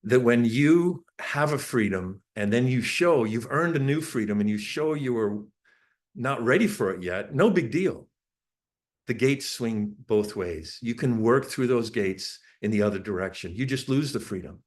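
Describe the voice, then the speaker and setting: A man's voice: mid-range voice, measured pace. A middle-aged man giving a parenting talk to an audience, telling stories about his family and acting out the conversations with sudden bursts of emphasis. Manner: lively storyteller who acts out family dialogue with bursts of emphasis. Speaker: parenting speaker.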